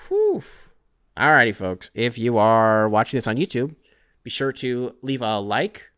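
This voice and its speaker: A young man talks through his own podcast alone, wandering from topic to topic in a casual, profane ramble. His voice is bright and forward, sitting at an ordinary male pitch, and he drifts into self-deprecating asides. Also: huge pitch swings, a little slow, smooth. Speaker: podcast host. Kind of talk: solo casual podcast rant.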